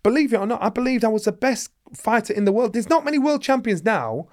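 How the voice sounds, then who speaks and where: A man's voice: very high-pitched, lively intonation, fast talker. A middle-aged man, a guest in an interview, who tells a long story with energy and acts out the voices of the people in it. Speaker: guest, former boxing world champion.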